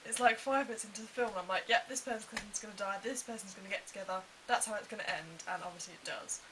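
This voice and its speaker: A young woman chatting casually to camera, animated and full of quick asides. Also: medium pitch, distant mic. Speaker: vlogger. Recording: faint hiss.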